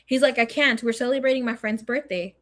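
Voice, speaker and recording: A young adult woman, telling a story in a casual, animated way, swearing a lot and acting out what people said. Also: fairly high pitch, fairly quick.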